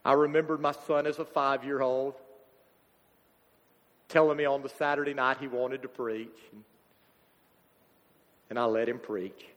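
A man, preaching a sermon as a pastor, halting and emotional as a grieving father. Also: mid-range voice, fairly even intonation, fairly bright tone. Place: church sanctuary. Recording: church hall reverb.

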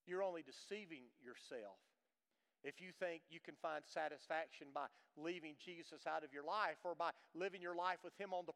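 A man's voice: a little high, fairly bright tone. Older man preaching in a hall. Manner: folksy, emphatic preaching with homespun stories. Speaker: pastor. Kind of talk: sermon. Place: church sanctuary. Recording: long reverb of a large hall.

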